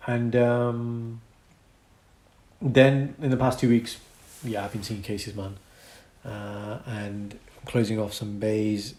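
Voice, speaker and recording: A young British man co-hosting a casual podcast, a doctor who talks with lively energy, laughs often and acts out quotes. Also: lowish voice, slow pace. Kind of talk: casual chat. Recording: echoey room.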